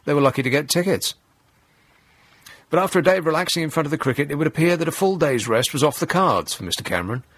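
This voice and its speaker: A man's voice: medium pitch, fairly bright tone, no echo. Guy on talk radio, sneering sarcastic monologue, dry close studio mic. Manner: mocking, sarcastic, chuckles at his own jokes. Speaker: radio talk show host.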